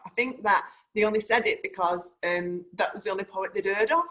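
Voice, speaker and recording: A woman's voice: mid-range voice, fairly even intonation, a little fast, hardly any pauses, a bit bright. A woman hosting a talk show, chatting in a rambling, casual way full of "like" and "um". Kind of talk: casual chat.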